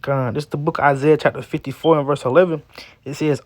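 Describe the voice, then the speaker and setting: A man giving an informal scripture teaching in street slang, ending nearly every phrase with "man" and reading verses slowly. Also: fairly high pitch, fairly even intonation, a little mellow, no echo. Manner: reads verses slowly and deliberately.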